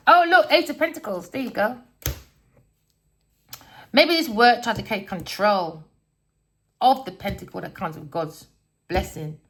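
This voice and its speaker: Woman, tarot reader, gravelly fry in the voice, blunt, foul-mouthed, rambling. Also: medium pitch, animated, unhurried, long pauses, a bit bright, slight background noise. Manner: blunt, swears constantly; storytelling, rambling. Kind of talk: casual tarot reading monologue.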